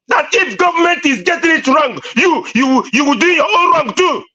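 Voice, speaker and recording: A man's voice: very high-pitched, expressive, moderate pace, few pauses, sharp tone, lo-fi sound. A man with a Nigerian accent debating on a live stream, ranting insistently and repeating himself. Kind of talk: heated debate.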